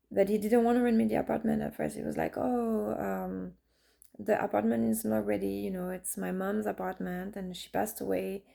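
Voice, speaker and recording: A woman's voice: mid-range voice, gravelly, warm tone. A woman in her thirties, an artist, chatting casually and telling personal stories with many fillers and restarts. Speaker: artist and vlogger. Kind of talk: casual storytelling monologue.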